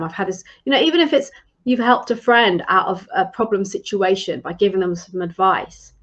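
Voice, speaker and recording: A woman leadership coach speaks to her live-stream viewers in a mid-pitched, encouraging and conversational way. She often restarts her phrases as she talks. Her voice comes through slightly dull, lo-fi stream audio. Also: moderate pace, fairly bright tone.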